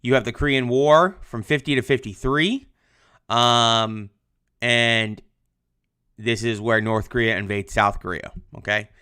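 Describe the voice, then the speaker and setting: A man's voice: medium pitch, steady tone, a little slow, sharp tone, smooth. A young adult male history teacher giving a casual livestreamed lesson, chatty with lots of ums, answering viewer comments. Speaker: high school history teacher.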